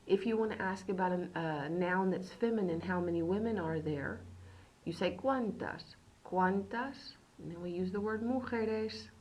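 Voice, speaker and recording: A woman teaching beginner Spanish in a recorded lesson. She repeats words slowly and keeps checking in with "okay". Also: fairly low pitch, darkish tone, rough recording.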